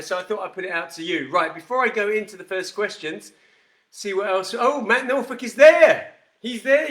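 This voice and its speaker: Bright-voiced chatty male whisky host. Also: fairly high pitch, roomy sound. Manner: chatty, rambling, talks to viewers by name. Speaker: host of a live whisky show. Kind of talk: casual live-stream chat and cocktail demo.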